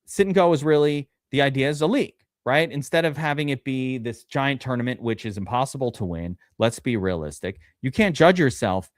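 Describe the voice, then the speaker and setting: Guy hosting a fantasy draft stream, lively up-and-down voice, dry close sound. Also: medium pitch, fairly quick, few pauses, dry recording. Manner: animated, rambling with restarts. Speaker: fantasy football host. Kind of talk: casual live-stream chat.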